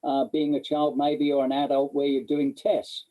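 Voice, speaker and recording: A man interviewing a guest, asking long questions in measured, formal phrasing. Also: mid-range voice, completely flat delivery, mellow, poor audio.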